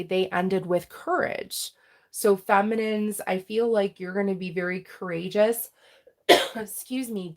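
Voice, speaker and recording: Woman doing a chill tarot reading, kinda low voice, lots of ums and okays, laughs a bunch. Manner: chatty, filler-heavy, checks in with "right?" and "okay?"; laughs often and gets emotional while reading. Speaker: tarot reader. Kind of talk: casual tarot reading to camera.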